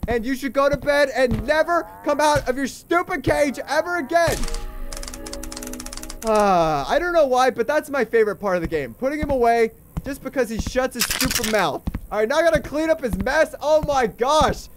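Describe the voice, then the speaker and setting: A man's voice: very high-pitched, expressive, moderate pace, over music. A young man hosting a let's play, giving sarcastic, jittery play-by-play of a horror game. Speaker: gaming channel host.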